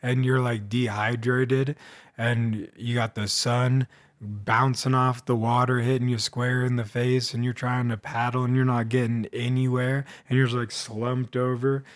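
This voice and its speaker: A young man tells a story in a loose, rambling way, drifting off into asides and jokes at his own expense. His voice sits at an ordinary middle pitch and sounds like an informal vlog. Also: level tone, measured pace. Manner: meandering and self-deprecating, with frequent asides. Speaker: storytime vlogger.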